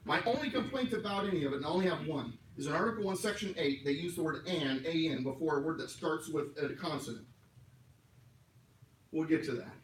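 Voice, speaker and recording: A man lectures a class in a conversational way, breaking ideas down word by word and tossing in joking asides. His voice sits a little high. The sound is roomy and distant, with faint hiss underneath. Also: a little fast. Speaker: class instructor. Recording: echoey room miked from afar.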